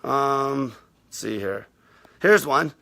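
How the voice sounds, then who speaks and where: A man's voice: medium pitch, lively intonation, slow pace, vocal fry, sharp tone. A man hosting a live stream, answering viewer questions in a blunt, combative rant and swearing nearly every sentence.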